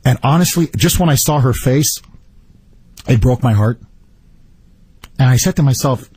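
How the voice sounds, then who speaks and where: A male radio talk show host telling a story in animated fashion and taking calls on a studio mic. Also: mid-range voice, normal speed, long pauses, breathy edge, dry recording. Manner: animated storytelling, acts out quotes. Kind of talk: talk radio monologue and call-in.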